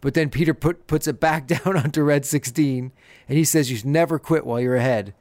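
A man's voice: fairly high pitch, a little fast, a little mellow, no room sound. A man hosting a podcast, casually recapping an episode and laughing often as he retells scenes. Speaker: podcast host.

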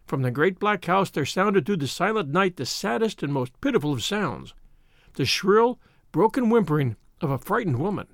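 A man narrating an old detective story in an expressive, dramatic way. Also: sits high, moderate pace, no echo, clean studio sound. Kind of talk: audiobook narration.

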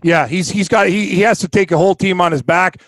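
Man, Canadian accent, betting podcast co-host, emphatic, high voice, dry room. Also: quick pace, fairly bright tone, no echo. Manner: confident, emphatic picks talk. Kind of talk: casual sports betting chat.

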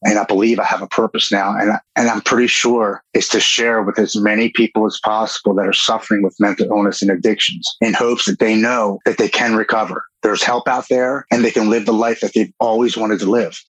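Husky-voiced man in his forties. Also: fairly low pitch, level tone, fairly quick, few pauses, fairly bright tone, no echo, poor audio. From Baltimore, Maryland. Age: 40s. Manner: earnest, emotional, repeats words when stuck. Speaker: podcast guest. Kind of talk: personal storytelling.

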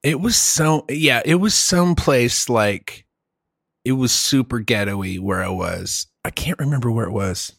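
A man telling stories in casual chat, animated and swearing, saying "dude" a lot. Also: medium pitch, unhurried, gravelly, husky, dry recording, studio quality.

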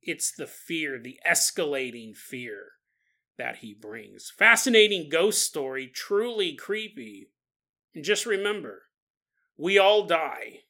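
Bright-voiced man joking on a podcast. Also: a little high, slow pace. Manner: animated, joking, laughs often. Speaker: podcast host. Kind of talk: comedic podcast storytelling.

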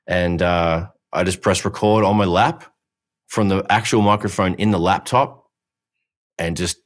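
A man's voice: low-pitched, a little slow. A man co-hosting a podcast, telling stories with enthusiasm and swearing casually. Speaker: podcast co-host. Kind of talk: casual chat.

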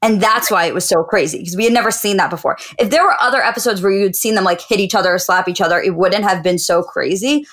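A woman's voice: medium pitch, fast, few pauses, a bit bright. A woman co-hosting a podcast in casual chat, talking earnestly with plenty of "like" fillers. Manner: earnest, chatty, many "like" fillers. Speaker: podcast co-host.

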